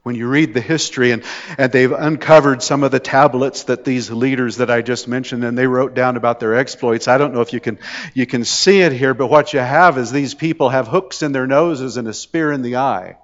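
A man's voice: medium pitch, brisk. A man preaching a sermon in a conversational style, with jokes and rising intensity on the dramatic points. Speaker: pastor. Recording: dull lo-fi hall recording.

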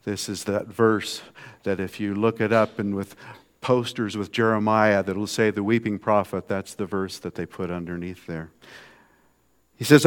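At a measured pace, a man delivers a conversational sermon, moving from quiet, low asides to loud, forceful statements.

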